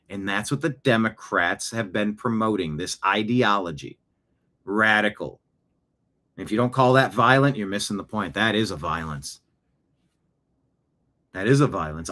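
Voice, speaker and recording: A man with a fairly low, slightly bright voice hosts a political talk show, delivering opinionated commentary. He speaks emphatically, repeats phrases for effect, and acts out the voices he quotes.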